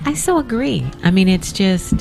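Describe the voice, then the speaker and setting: A woman from Compton, California, co-hosting an interview and asking thoughtful, halting questions with many fillers. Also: mid-range voice, expressive, vocal fry, a little mellow, faint music behind. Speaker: co-host.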